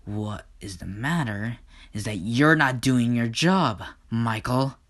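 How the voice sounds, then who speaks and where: A man voicing a stern, commanding heavenly father who speaks in measured tones. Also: medium pitch, a bit bright. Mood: reproachful.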